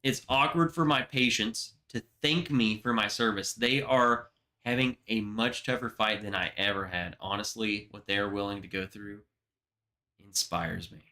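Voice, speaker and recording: A man's voice: on the low side, fairly even intonation, a little slow, bright, forceful tone. A young man hosting a casual livestream, telling rambling, emotional stories with plenty of swearing. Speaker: livestream host.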